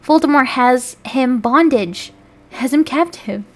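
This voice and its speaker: A woman's voice: high-pitched, a little slow, pitched above the performer's own voice. A woman voicing a melodramatic gothic teenage vampire boy, whiny and overwrought.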